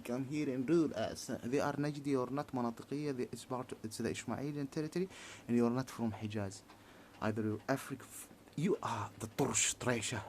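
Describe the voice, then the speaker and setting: Man, ranting monologue, halting repetitive english, animated swooping pitch, faint background hiss.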